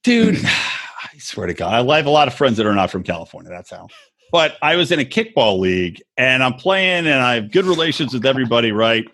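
Sarcastic, lively-voiced male podcast co-host. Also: medium pitch, fairly quick. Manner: profane, sarcastic storyteller. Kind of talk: casual chat.

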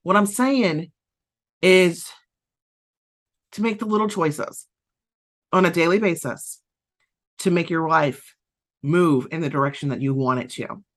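A woman's voice: lowish voice, a little slow, long pauses. A woman with a Southern US accent hosting a podcast, giving a casual motivational talk full of fillers and restarts. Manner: chatty, repeats herself, frequent fillers. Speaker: podcast host.

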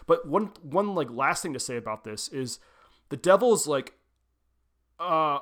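A man co-hosting a podcast, talking casually and excitedly about a novel, acting out quoted lines and laughing often. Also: a little high, a little slow, pauses often. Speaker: podcast co-host. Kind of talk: casual literary discussion.

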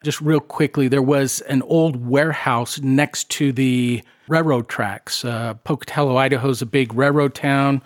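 A man's voice: medium pitch, fairly even intonation, a little slow, hardly any pauses. A man co-hosting a paranormal podcast, chatting eagerly and casually with a guest. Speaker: podcast co-host, paranormal investigator. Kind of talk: casual interview chat.

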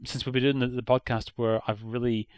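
A man's voice: mid-range voice, flat delivery, a little fast, a little mellow, dry recording. An Irish man co-hosting a podcast, giving a blunt, opinionated critique in a casual chat. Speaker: podcast co-host.

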